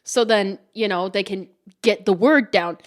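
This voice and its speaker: A woman's voice: medium pitch, a little slow. A young woman hosting a podcast, telling stories in a casual chat, swearing and laughing often. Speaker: podcast host.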